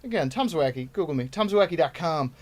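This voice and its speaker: A man's voice: on the high side, expressive, fairly quick. A man in his thirties, a stand-up comedian guest telling his story in a rambling, self-deprecating way in casual podcast chat.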